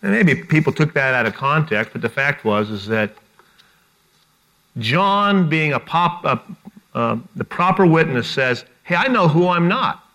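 A middle-aged pastor preaching with lively energy, his voice sitting a little high for a man. He often repeats words and slips into acting out the people he quotes. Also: a little slow. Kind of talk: sermon.

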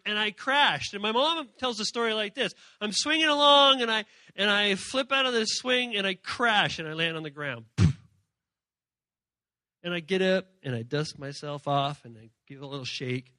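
A man giving an animated youth sermon, telling stories and acting out voices from shrieks to soft murmurs. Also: high-pitched, no room sound. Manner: animated storytelling, acts out characters in shrieks and murmurs. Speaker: youth speaker.

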